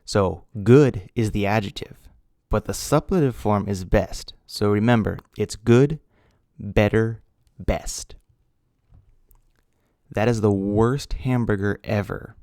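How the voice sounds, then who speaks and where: A man teaching an English grammar lesson, speaking slowly and deliberately, spelling out letters and repeating key words. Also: lowish voice, mellow, dry recording, clean studio sound. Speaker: ESL teacher.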